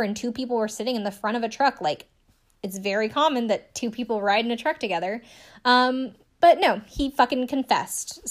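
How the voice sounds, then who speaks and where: A woman giving a casual spoken recap of a TV show, chatty and indignant, swearing freely between fillers. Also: fairly high pitch. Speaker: recap commentator.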